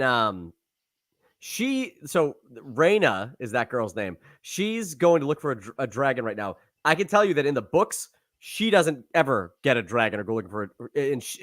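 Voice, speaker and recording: A man's voice: normal speed, dry recording, clean studio sound. A man co-hosting a podcast in casual chat, talking animatedly and jumping into character voices as he tells a story. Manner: animated, acts out characters with sudden swoops in pitch. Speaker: podcast co-host.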